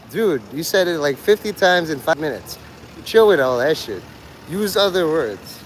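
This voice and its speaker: A man's voice: sits high, expressive, moderate pace, slight background noise, poor audio. Crude joking man streaming from a street. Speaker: livestreamer. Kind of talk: street livestream rambling. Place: city street outdoors.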